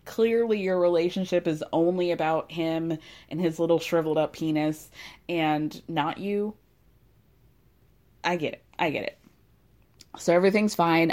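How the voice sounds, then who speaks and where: A woman recapping a story in casual chat, animated and gossipy, laughing often. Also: mid-range voice.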